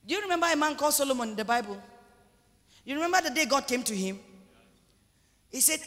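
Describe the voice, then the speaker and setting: A man preaching a sermon as pastor. He preaches with emphasis, repeats phrases and rises to shouts. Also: extremely high pitch, lively intonation, fast talker, long pauses. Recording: long church hall reverb.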